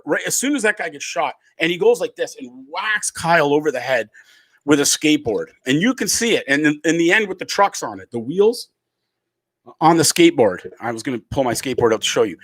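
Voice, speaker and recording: A man's voice: fairly high pitch, fairly bright tone, no echo. A middle-aged man, a comedian from Canada, ranting angrily to camera and swearing freely. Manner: angry, emphatic, swearing freely. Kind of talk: profane political rant to camera.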